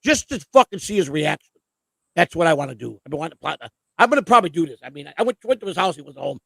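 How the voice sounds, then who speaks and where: A man hosting a casual livestream chat, rambling and swearing excitedly as he talks. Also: on the high side, fast talker, gravelly, dry recording. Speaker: host.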